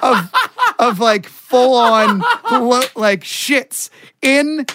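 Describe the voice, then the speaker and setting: A man's voice: sits high, animated, moderate pace, heavy background noise. A man in casual chat, telling a crude story with lots of swearing and laughter breaking into his lines.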